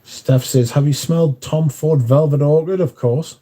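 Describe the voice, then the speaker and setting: A man's voice: fairly high pitch, fairly even intonation, moderate pace, dark tone. A man hosting a livestream in casual chat, reading out viewer comments and answering them in a dry, offhand way.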